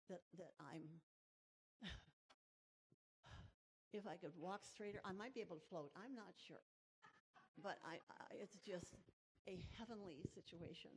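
A woman with a slightly husky voice speaks a glad, heartfelt testimony before her congregation in a church. Her words come in short, halting bursts of gratitude. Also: medium pitch, darkish tone. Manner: joyful, heartfelt, a little halting. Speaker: congregation member giving testimony. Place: church sanctuary.

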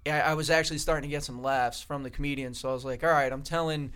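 Bright-voiced comedian telling a story. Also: male voice, mid-range voice, very fast, clean tone. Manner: animated, self-mocking storyteller. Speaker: comedian and co-host. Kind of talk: storytelling on a podcast.

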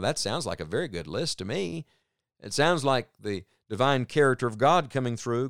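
On a radio program, a man reads Bible verses aloud and then explains them in an earnest, pastoral way. His medium-pitched voice has studio quality with no echo.

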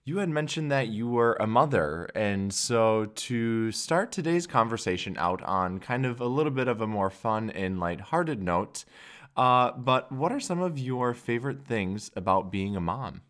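A man's voice: mid-range voice, lively intonation, a little slow, fairly bright tone. A man hosting a podcast interview, polite and encouraging as he asks open questions. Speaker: podcast host.

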